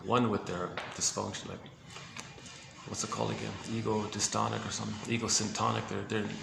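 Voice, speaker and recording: A man giving a casual, halting explanation on psychology, often searching for words and repeating himself. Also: fairly low pitch, flat delivery, vocal fry, background noise. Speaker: speaker on psychology. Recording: echoey room with faint ambience.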